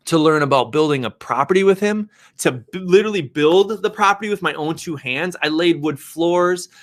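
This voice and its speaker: Speaking in a slightly high voice, a real estate agent and developer shares a personal story in a lively, conversational manner.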